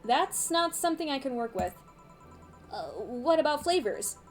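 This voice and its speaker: A woman voicing a dry, deadpan young woman bartender as she reads a visual novel aloud, dropping low and flat. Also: measured pace, faint music behind.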